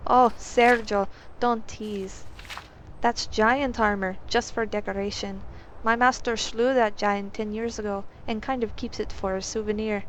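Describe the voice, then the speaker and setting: A woman's voice: medium pitch, fairly even intonation, a little slow, slight background noise, close to an everyday voice, poor audio. A woman voicing a flustered young castle maid who talks in a rustic, folksy way. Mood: coy. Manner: rustic, folksy speech with "ain't".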